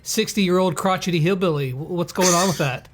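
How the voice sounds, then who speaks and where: Upbeat male interview host with a high voice. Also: brisk, slight background noise. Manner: enthusiastic, laughs often. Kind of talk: interview chat.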